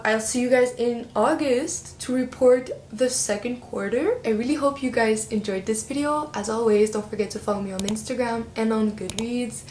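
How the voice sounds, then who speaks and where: Young female book vlogger, slightly high voice, chatty and animated, roomy echo, faint hiss. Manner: chatty, expressive, playful slang. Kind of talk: casual book review chat.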